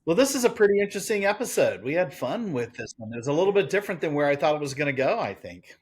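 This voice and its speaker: A man's voice: on the high side, big pitch swings, fast talker, husky. A man co-hosting a podcast, chatting casually as he introduces a guest. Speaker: podcast co-host. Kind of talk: casual chat.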